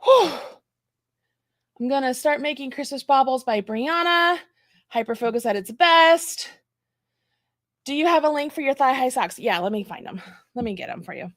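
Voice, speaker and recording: A woman's voice: high voice, lively intonation, moderate pace, pauses often, a bit bright, no echo, clean studio sound. A woman co-hosting a casual livestream chat about knitting, chatty and reading viewer comments aloud. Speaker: co-host.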